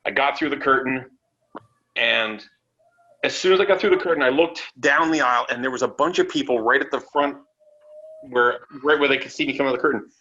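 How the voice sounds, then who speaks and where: Man, from Canada, animated storyteller, swears a lot, bright forceful tone, dull lo-fi audio. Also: mid-range voice, fairly quick. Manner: animated, swearing, acts out quotes. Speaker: wrestler guest. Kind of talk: casual storytelling interview. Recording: dull lo-fi audio with faint noise.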